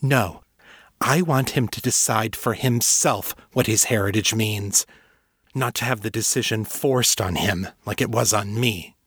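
A man voicing an angry, protective mother who speaks in a sharp, cutting, defiant way in a fantasy audiobook. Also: lowish voice, measured pace, slightly rough, dry recording, studio quality. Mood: cold resolve. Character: fierce protective mother, furious woman. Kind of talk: audiobook character reading.

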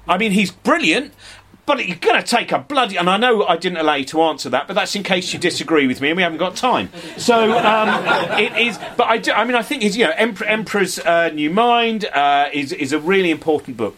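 A man speaks into a stage microphone before a live bookshop audience, his voice sitting a little higher than most men's. He rambles and runs into quick asides, and he pokes fun at himself. When he quotes other people, he slips into animated, exaggerated voices. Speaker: comedian and broadcaster, guest.

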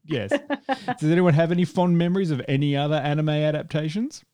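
A man's voice: fairly high pitch, fairly even intonation, a little fast, warm tone, clear, resonant tone, no room sound, clean studio sound. A man hosting a podcast in casual chat, rambling and joking, often laughing. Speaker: podcast host.

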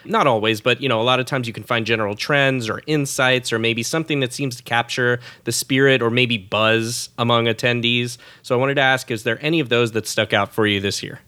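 A man hosting a casual podcast interview, steering the talk with long, measured questions. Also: medium pitch, fairly even intonation, bright, forceful tone. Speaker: podcast host.

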